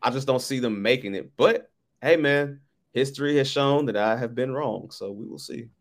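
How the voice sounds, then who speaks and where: A man on a sports podcast, giving measured, hedging basketball analysis. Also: medium pitch.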